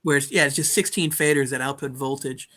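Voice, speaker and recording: A man's voice: medium pitch, steady tone, a little fast, bright, forceful tone. A man on an online call, explaining synthesizer gear in a rambling, casual way, often restarting his words. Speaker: co-host of a modular synth stream. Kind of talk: casual technical chat.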